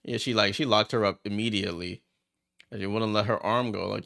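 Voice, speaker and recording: A man hosting a watchalong, giving chatty, excitable play-by-play as he reacts aloud to the game. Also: lowish voice, brisk, gravelly. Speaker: watchalong host. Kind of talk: casual live play-by-play commentary.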